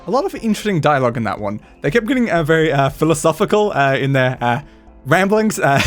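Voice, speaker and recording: A male gaming host wraps up his video in a playful, giggly ramble full of fillers. His voice sits a little high. Faint music plays underneath. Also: lively intonation, quick pace. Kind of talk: casual gameplay commentary.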